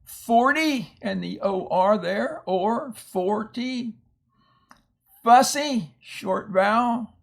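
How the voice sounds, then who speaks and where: A man's voice: sits high, animated, slow pace, vocal fry, fairly bright tone. A man teaching a phonics lesson, reading out a word list and explaining each word in a patient way with homely asides.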